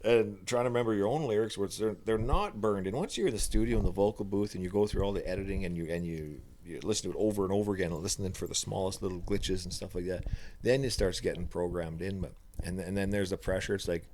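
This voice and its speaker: A man's voice: low-pitched, fast talker, darkish tone. A man and musical guest chatting candidly about playing live, self-mocking and casually swearing. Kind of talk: casual chat.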